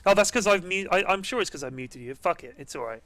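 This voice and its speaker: A man casting a video game match in a relaxed, chatty way, joking and swearing freely. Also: high-pitched, quick pace. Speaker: esports caster. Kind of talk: casual game commentary.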